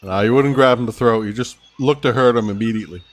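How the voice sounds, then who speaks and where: A man's voice: mid-range voice, fast. A man co-hosting a live fight betting stream, chatting casually with rambling, profane anecdotes. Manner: laid-back, rambling anecdotes with swearing.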